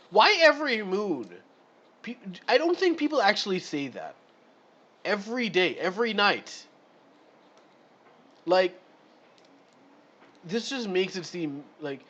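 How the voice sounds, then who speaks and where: A man's voice: high-pitched, big pitch swings, takes it slowly, pauses often, fairly bright tone, lo-fi sound. Exasperated man ranting on a live stream. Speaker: streamer reading a module. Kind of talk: live read-through with commentary.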